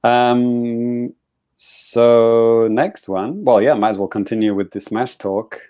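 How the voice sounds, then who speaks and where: A man hosting a gaming podcast in casual chat, laid-back, often letting sentences trail off quietly. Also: mid-range voice, fairly even intonation, slow pace. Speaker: podcast host.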